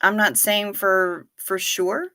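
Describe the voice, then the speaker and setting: A woman hosting a casual livestream, reading viewer comments in a gentle, sympathetic way. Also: medium pitch, fairly even intonation. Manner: slow, gentle and sympathetic, talking to chat. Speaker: livestream host.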